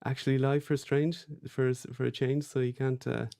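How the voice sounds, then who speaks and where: A man hosting a casual podcast livestream, chatty and relaxed, reading out names from the chat. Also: medium pitch, fairly quick, gravelly, no echo, clean studio sound. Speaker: podcast host.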